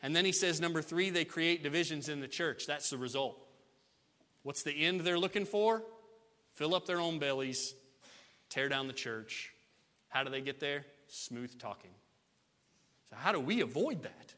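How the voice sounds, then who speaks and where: A male pastor preaching a sermon with a bright, fairly high voice. He is emphatic and repeats key lines, asking the congregation rhetorical questions. His voice carries a long hall reverb. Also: normal speed, pauses often.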